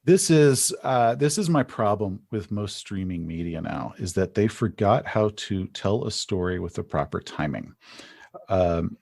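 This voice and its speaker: A man with a husky, slightly low voice chats as a podcast guest. He tells loose, rambling stories and often restarts mid-sentence. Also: animated, a little slow, a little mellow. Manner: rambling, chatty storytelling with frequent restarts. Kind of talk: casual conversation.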